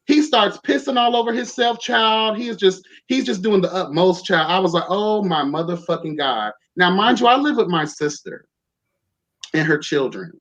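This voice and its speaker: The dull lo-fi recording captures a young man, a podcast host, telling a story on a talk show with casual, campy sass, full of profanity and calls of child and honey. His voice sits high and a bit bright, with lively intonation at a normal speed.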